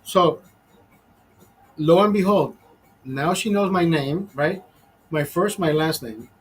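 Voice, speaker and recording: A man's voice: a little high, slow, breathy edge. A man from Honduras telling a crude story in a casual livestream chat, swearing constantly and laughing at his own jokes. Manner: crude, profanity-heavy storytelling, laughs often. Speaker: livestream host.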